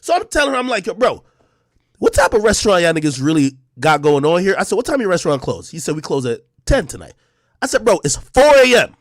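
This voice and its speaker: A man's voice: high-pitched, very animated, quick pace, no room sound, studio quality. A man streaming live, telling a story to his chat in casual, profane slang and acting out the dialogue.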